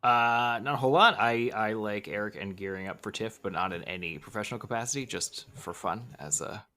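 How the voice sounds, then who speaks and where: A man's voice: on the low side, brisk, pushed and bright. A man who is a regular on a podcast, chatting casually with dry, teasing humor. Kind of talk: casual chat.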